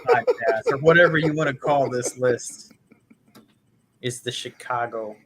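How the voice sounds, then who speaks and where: A man's voice: medium pitch, unhurried, fairly bright tone. A man co-hosting a casual comedy podcast, joking around and slipping into silly impressions. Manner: jokey, slips into silly impressions. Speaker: podcast co-host.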